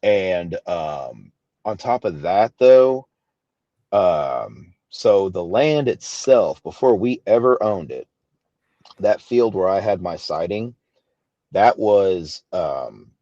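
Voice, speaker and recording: Low dark voiced southern illinois guy, rambling story full of ums, dull lo-fi audio. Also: lively intonation, takes it slowly, no room sound. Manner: rambling, many fillers and quoted dialogue. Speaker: podcast guest. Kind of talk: casual storytelling.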